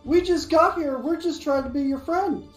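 A woman's voice: sits high, normal speed, roomy sound, faint music behind, pitched above the performer's own voice, natural voice, rough recording. A woman voicing a naive, friendly young male adventurer in a tabletop game. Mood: earnest.

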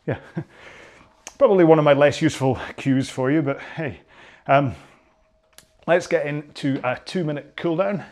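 A man's voice: fairly high pitch, moderate pace, a little mellow. A man coaching an indoor rowing workout while rowing, chatty and rambling, often mocking himself.

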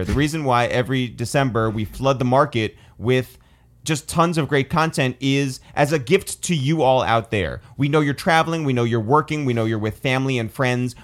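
A man hosting a podcast. He is upbeat, laughs often, and slips easily into promo-style pitches to listeners. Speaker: podcast host. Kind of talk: casual podcast chat.

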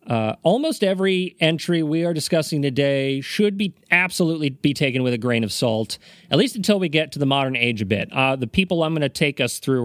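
A man's voice: mid-range voice, no room sound, clean studio sound. A man hosting a casual comedy podcast, explaining his topic with rambling, self-aware asides and a wry tone. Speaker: podcast host presenting the topic.

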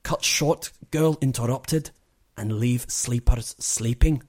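A man putting on a terrible Scottish accent, reciting a funeral poem in slow, mock-grieving tones. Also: mid-range voice, darkish tone, breathy edge, voice pushed up. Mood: mock-solemn. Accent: put-on Scottish. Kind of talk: dramatic poetry reading.

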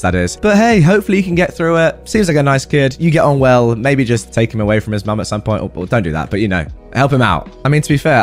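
Man, story narrator, animated pitch, chatty wry asides. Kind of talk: reading online stories with commentary.

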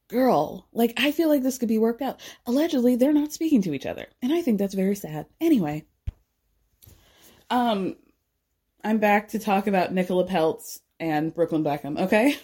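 A woman's voice: medium pitch, normal speed, dark tone, husky. A woman hosts a podcast in a loose, gossipy chat about pop culture. She talks freely with plenty of fillers and side notes, and her voice leaps upward whenever she stresses a point. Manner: chatty and gossipy, with frequent fillers and asides. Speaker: podcast host.

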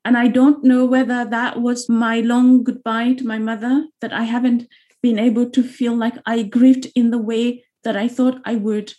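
A woman's voice: a little high, little pitch movement, normal speed, warm tone. A woman from Uganda, an author being interviewed, speaking earnestly and often repeating phrases for emphasis. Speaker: author guest. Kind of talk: reflective interview talk.

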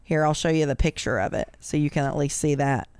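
A woman co-host reads funny text messages and lists aloud, giggling often through them. Her voice sits low for a woman and sounds smooth and clean. The recording is close and dry, with no room sound. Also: fairly quick, a little mellow, no echo. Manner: giggly, laughs often while reading aloud. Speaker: podcast co-host. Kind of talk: casual chat, reading out funny posts.

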